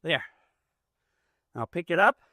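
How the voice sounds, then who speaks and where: A man's voice: a little high, lively intonation, slow pace, bright, forceful tone, dry recording, clean studio sound. A man running a hands-on mule training demonstration outdoors, explaining in a folksy, plainspoken way as he works. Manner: folksy, explains as he works, drawling rural grammar.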